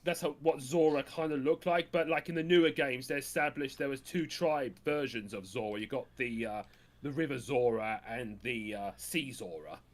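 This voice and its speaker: A man's voice: medium pitch, moderate pace. A man co-hosting a podcast, adding dry quips and hesitant asides in casual chat. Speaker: podcast co-host.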